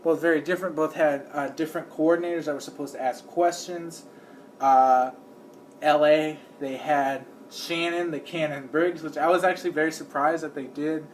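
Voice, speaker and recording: Rambling man with a higher voice. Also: fairly even intonation, normal speed, slight background noise. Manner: rambling, lots of "like" and "uh" fillers; acts out the people he describes. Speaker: video creator. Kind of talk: casual commentary.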